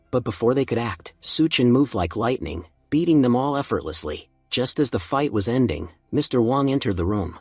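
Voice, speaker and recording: Husky male recap narrator. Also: medium pitch, big pitch swings, normal speed, few pauses, darkish tone, no echo, clean studio sound, soft background music.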